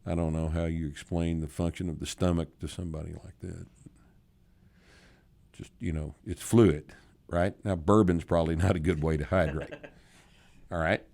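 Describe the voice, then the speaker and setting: Blunt, deep-voiced older man. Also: steady tone, normal speed, gravelly, long pauses, a little mellow. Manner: blunt, profane and sardonic. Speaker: podcast host answering listener questions. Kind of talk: casual podcast Q&A.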